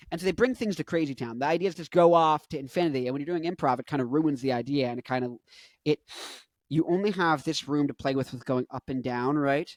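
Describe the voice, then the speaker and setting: Rambling, animated young man, dry sound. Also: on the high side, brisk, dry recording. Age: 20s. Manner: rambling, animated, many fillers and self-corrections. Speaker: musician and vlogger. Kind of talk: casual rambling chat.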